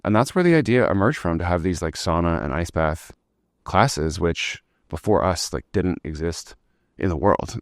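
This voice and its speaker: A man's voice: sits low, no echo, studio quality. A man, telling his startup story as a podcast guest in a rambling, casual way, full of "like" and the odd swear word.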